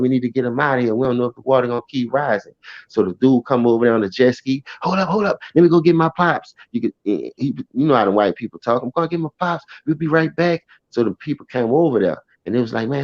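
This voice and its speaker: Profane, animated New man storytelling. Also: mid-range voice, dry recording. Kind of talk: casual first-person storytelling. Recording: dry, slightly dull recording.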